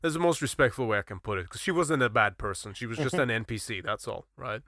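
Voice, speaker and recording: Guy w a bright punchy voice, casual podcast chat, laughs a lot, swears, super dry sound. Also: mid-range voice, quick pace, no room sound. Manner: laughs often, swears freely, animated storytelling.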